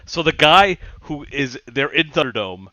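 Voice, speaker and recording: Casual podcast host, male, rambling and crude, bright tone, dry, dull mic. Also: fairly high pitch, animated, a little slow. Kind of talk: casual chat.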